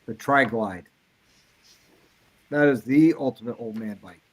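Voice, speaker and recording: A man's voice: medium pitch, a little slow, low-quality recording. A man in a casual group chat, making teasing, wry remarks.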